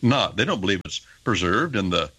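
A man's voice: deep voice, brisk, husky, no room sound, rough recording. An older man talking on the radio, lecturing about the Bible in an emphatic, teacherly way. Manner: emphatic, lecturing, animated with rising stresses. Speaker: radio talk show guest teaching on the Bible. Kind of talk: on-air Bible teaching talk.

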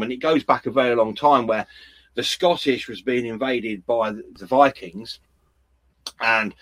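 A man's voice: mid-range voice, fairly bright tone, dry recording, poor audio. A man in casual chat, telling rambling stories with many restarts.

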